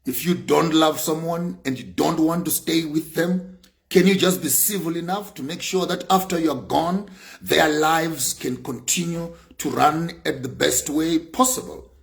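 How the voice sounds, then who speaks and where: Emphatic gravelly man. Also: a little high, unhurried. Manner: repetitive and emphatic, building to raised bursts. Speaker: speaker on sanctions. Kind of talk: impassioned speech.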